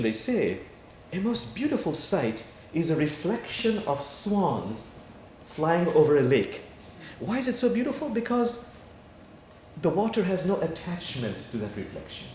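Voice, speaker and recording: A male imam preaches in a worship hall, telling stories with lively swings of pitch and pauses for effect. His voice sits somewhat high. The room is echoey, with faint ambience behind. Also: a little hiss or hum. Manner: animated storytelling with dramatic pauses. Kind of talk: sermon.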